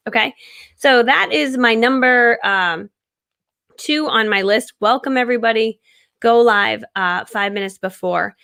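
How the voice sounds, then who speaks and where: Loud upbeat woman doing a live coaching stream, kinda high bright voice, laughs a lot. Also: fairly quick. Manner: energetic and loud, laughs often.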